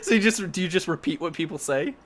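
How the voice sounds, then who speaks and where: A man's voice: high-pitched, fast, a little hiss or hum. A man hosting a live tabletop talk show in casual chat, laughing often and restarting his sentences. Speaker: host.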